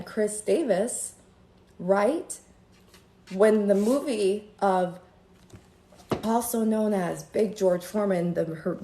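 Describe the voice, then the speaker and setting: A woman chatting on a live stream from home in a gossipy, animated way, now and then drifting into sing-song lines. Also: medium pitch. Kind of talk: rambling casual live-stream chat. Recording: roomy echo with faint ambience.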